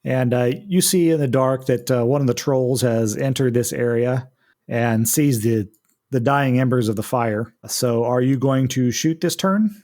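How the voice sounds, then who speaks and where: A man's voice: medium pitch, measured pace, darkish tone. A man running a tabletop game as game master, patiently walking the players through rules and turns. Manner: patient, explains rules step by step.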